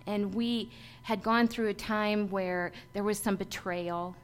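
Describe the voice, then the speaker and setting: A woman pastor preaching a sermon and telling a personal testimony, swinging from hushed to emphatic. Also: medium pitch, steady tone, slow pace.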